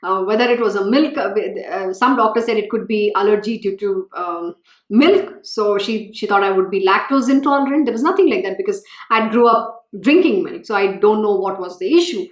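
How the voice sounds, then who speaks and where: A woman's voice: mid-range voice, a little fast. A woman, reading from a scripture and telling her own story in an earnest, storytelling way. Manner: earnest, storytelling, animated when recalling her own feelings. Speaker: spiritual teacher reading and expounding scripture. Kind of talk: scripture reading with personal commentary. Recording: echoey room.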